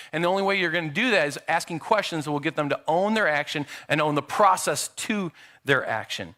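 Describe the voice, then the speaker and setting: A man's voice: a little high, pushed and bright. A middle-aged man preaching a sermon in a church, conversational and acting out quotes from his children. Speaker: pastor. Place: church sanctuary.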